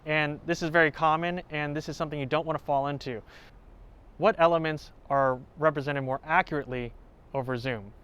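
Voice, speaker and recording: Clear-voiced man explaining audition tips. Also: a little high, steady tone, a little fast, fairly bright tone. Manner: clear, explanatory, with sung examples. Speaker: violin teacher and channel host. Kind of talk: instructional talk to camera. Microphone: home recording setup.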